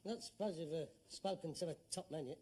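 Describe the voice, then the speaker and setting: A man's voice: on the high side, fast talker, dark tone, close to an everyday voice. A man playing a sarcastic, scornful grown son in a sitcom, with a mocking, exasperated way of talking. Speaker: actor in sitcom. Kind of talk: 1970s sitcom acting.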